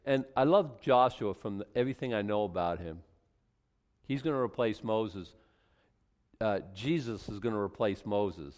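A man's voice: on the low side, lively intonation, moderate pace, darkish tone, in a large hall. A man teaching a Bible study in a casual, conversational way, reading scripture aloud then commenting with frequent restarts.

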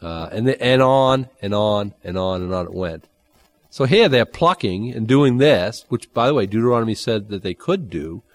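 A man preaching a Bible-teaching sermon, conversational and animated, with dry humor and sudden jumps in pitch. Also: normal speed, no echo. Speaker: pastor.

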